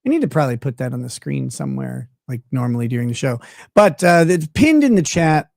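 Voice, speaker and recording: A man's voice: medium pitch, sing-song, fairly quick, vocal fry, dry recording, studio quality. A man hosting a livestream in casual chat, blunt and profane, laughing often. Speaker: livestream host.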